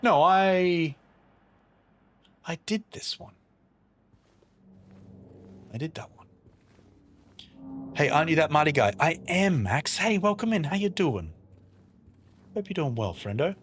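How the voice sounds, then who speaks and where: On the higher side, his voice swings a lot in pitch; he talks a little slowly and pauses often, with a slight hiss or hum behind him. The man is casually streaming a game, chatty with viewers as he reads and responds to chat, and playfully talking to himself while playing.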